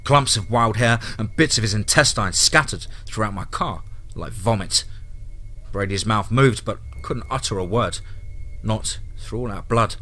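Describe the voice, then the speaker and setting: A man's voice: lowish voice, unhurried, sharp tone, faint music behind. A man telling a horror story aloud in a dramatic, tense narration style.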